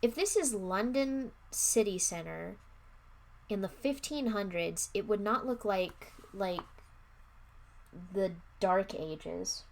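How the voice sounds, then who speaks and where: A woman's voice: mid-range voice, slow, vocal fry, a little hiss or hum. A woman doing a live read-aloud of a children's horror book, with casual asides and plain narration. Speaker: livestream book reader.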